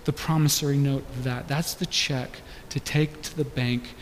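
In a medium-pitched voice with fairly even intonation and a moderate pace, this young pastor earnestly fires one question after another at his congregation during a sermon. Long hall reverb fills the recording, with slight background noise.

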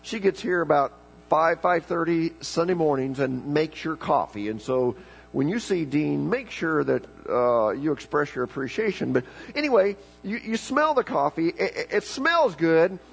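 A man's voice: a little high, vocal fry, husky, low-quality recording. A man preaching a folksy, joking sermon in church, often repeating words as he starts a thought. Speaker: pastor.

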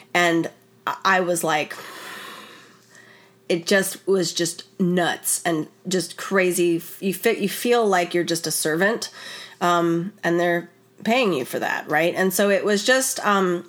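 A woman telling a personal story to camera in a casual, animated, rambling way, full of "like" and retold conversations. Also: lowish voice. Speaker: wellness vlogger and former wedding photographer.

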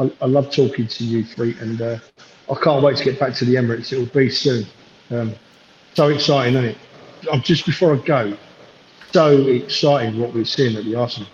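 A man's voice: mid-range voice, a little hiss or hum. Guy on a phone at a train platform, echoey and muffled, chatty and fond. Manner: warm, affectionate, rambling. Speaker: caller on a fan podcast. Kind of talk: casual chat.

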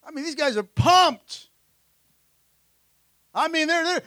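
A man preaches a lively sermon in a very high, bright voice. He drives his points home with repeated calls of "amen" and bursts into the voices of the characters he describes. The sound is close and dry. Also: moderate pace, pauses often, no echo. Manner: energetic preaching, frequent "amen", acts out disciples' voices. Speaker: pastor. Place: church sanctuary.

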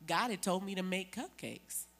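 A woman's voice: mid-range voice, expressive, normal speed, a bit bright. A woman giving an emphatic, preachy church testimony as a guest.

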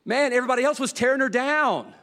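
A man preaching a sermon. He tells stories in a folksy, humorous way and swings between loud, excited telling and low, hushed emphasis. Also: fast talker. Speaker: pastor. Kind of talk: sermon with storytelling. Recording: long hall reverb.

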